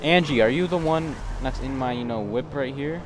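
A man's voice: mid-range voice, moderate pace, background noise. A young man casually live-streaming a game, joking with chat and bantering playfully with in-game characters.

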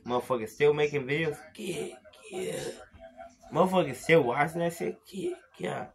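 A man in a rambling vlog, tipsy, cursing and insulting commenters, breaking into sudden loud yells. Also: a little high, moderate pace, husky. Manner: slurred, profane and insulting, with sudden shouts. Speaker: beer vlogger. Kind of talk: rambling profane vlog rant.

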